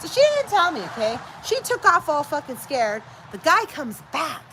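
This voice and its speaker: A woman's voice: sits high, normal speed, slight background noise, rough recording. A middle-aged woman hosting a casual chat, telling a story and acting out the voices of the people in it, with bits of Spanish mixed in. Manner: animated, acts out quoted voices, mixes in Spanish. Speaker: host.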